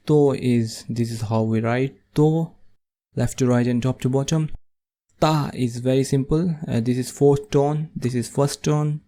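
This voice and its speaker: Mellow, patient male language teacher. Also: medium pitch. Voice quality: non-native English with small grammar slips. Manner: slow and repetitive, repeating each word several times. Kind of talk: beginner language lesson.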